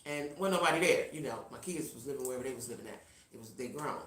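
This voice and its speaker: A middle-aged woman hosting a live stream, telling a personal story in a casual, animated way and talking straight to her viewers. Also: rumbling low, fast, roomy sound. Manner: reads out viewer comments. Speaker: livestream host.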